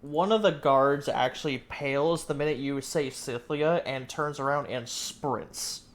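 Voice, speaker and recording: A man's voice: medium pitch, unhurried. A man running a tabletop game as game master, narrating casually with swearing and frequent restarts. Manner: casual, profane, restarts often.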